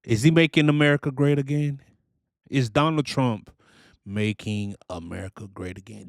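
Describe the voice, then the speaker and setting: A man comments casually on a clip he is reacting to, in laid-back slang, often checking in with a quick question to the listener. His voice sits at an ordinary pitch, recorded close and dry with no room sound. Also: vocal fry, dry recording. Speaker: reaction video host.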